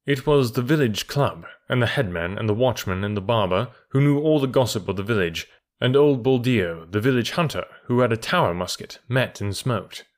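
A man reading a classic storybook aloud in a calm, measured way. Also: mid-range voice. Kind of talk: storybook narration.

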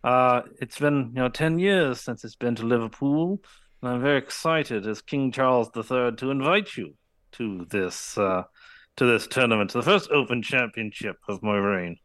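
A man's voice: mid-range voice, normal speed, a bit bright, dry recording, lightly acted. A man putting on a formal British king's voice, talking through clenched teeth. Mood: regal. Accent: British (put on). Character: older British king, stately, speaking through closed teeth.

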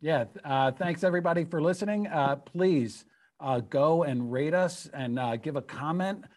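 A man's voice: fairly high pitch, normal speed. A man co-hosting a sports media podcast, chatting casually and often repeating words as he restarts. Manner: relaxed, stumbling over repeated words. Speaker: podcast co-host.

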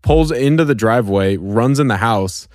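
A laid-back young man talking on a casual podcast, profane and easygoing. His voice sits at an ordinary pitch, and the recording is dry and close. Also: lively intonation, normal speed, darkish tone, no room sound. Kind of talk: casual chat.

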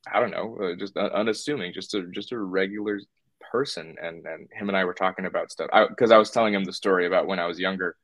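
Deep-voiced rambling puppeteer man. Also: fast, a bit bright, dry recording. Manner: rambling, many filler words and restarts. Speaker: puppeteer guest. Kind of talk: casual interview chat.

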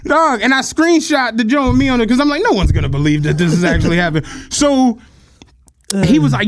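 Animated profane storytelling man. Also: extremely high pitch, brisk. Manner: animated, profane storyteller who laughs through his stories. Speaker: podcast co-host. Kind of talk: casual storytelling chat.

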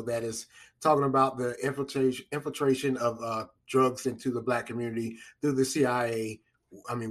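A man's voice: mid-range voice, a bit bright. A man hosting a casual solo podcast, rambling and repeating himself with chuckling asides. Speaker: podcast host.

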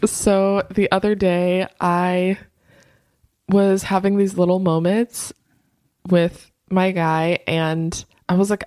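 A woman's voice: on the low side, level tone, slow, darkish tone, no echo, clean studio sound. Woman telling a rambling personal story. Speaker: podcast co-host. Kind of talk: casual chat.

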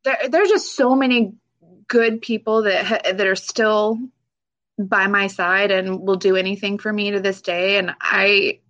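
A woman veteran speaks in an interview, her voice catching with emotion as she pauses, restarts and laughs nervously. Her pitch sits in an ordinary middle range, and the recording has a slightly dull, lo-fi quality. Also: fairly even intonation, a bit bright. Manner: halting, emotional, with frequent fillers and nervous laughs. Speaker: military veteran guest.

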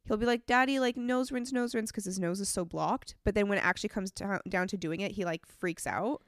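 A woman's voice: medium pitch, fairly quick, no room sound, studio quality. A young woman with a congested voice, telling stories in casual podcast chat as co-host. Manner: chatty, rambling storytelling.

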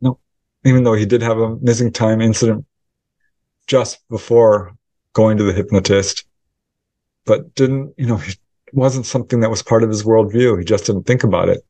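A man, a researcher and author, answering interview questions as a lively storyteller who acts out the voices of people in his account. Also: on the low side, moderate pace, pauses often, no echo. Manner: animated storyteller acting out quoted dialogue. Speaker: UFO researcher and author, guest.

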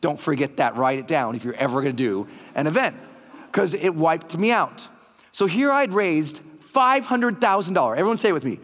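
A man speaking on stage to a live crowd, telling a story with lots of energy. He has a fairly high voice and jumps up even higher when he acts out other people's lines. The sound rings with a long hall reverb. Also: normal speed. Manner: animated storytelling, acting out quotes in a higher voice. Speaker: motivational speaker. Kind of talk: live stage talk to an audience. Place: large hall with a live audience.

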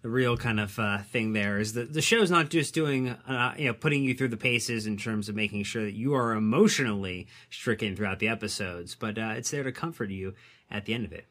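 A man co-hosting a casual podcast, explaining football points in a measured, slightly wry way. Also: lowish voice, a bit bright. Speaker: podcast co-host.

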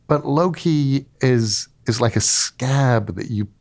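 Man, middle-aged, author guest, storyteller, animated, mid-pitched voice. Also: slow. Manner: lively storyteller, acts out quotes. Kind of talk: casual interview talk.

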